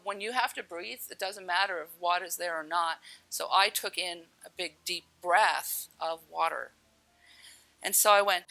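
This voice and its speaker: A woman's voice: fairly low pitch, bright, forceful tone, low-quality recording. A woman telling a personal story in a candid, blunt way, swearing now and then and laughing at herself. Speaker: storyteller recounting a near-death experience. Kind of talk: personal testimony.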